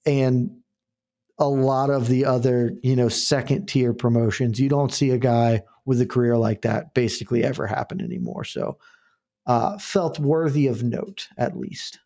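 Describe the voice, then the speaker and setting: Man, podcast co-host, casual rambling chat, laughs often, mid pitch. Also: a little mellow.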